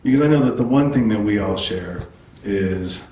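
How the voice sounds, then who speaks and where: A man's voice: fairly low pitch, moderate pace, warm tone, recorded from a distance, slight background noise. A man hosting a podcast, asking rambling, casual questions with some swearing. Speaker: podcast host. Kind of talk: casual interview. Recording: echoey room, voice from off-mic.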